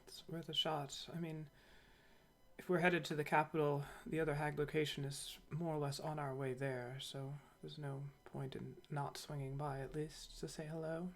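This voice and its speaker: Soft-spoken player, lots of ums, hesitant casual game chat. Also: medium pitch, flat delivery, normal speed.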